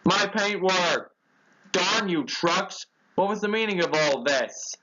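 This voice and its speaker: A man's voice: on the high side, animated, normal speed, sharp tone. A man voicing a firm young male tank engine who scolds troublemakers, in a dull lo-fi recording. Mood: upset. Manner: stern and reproachful.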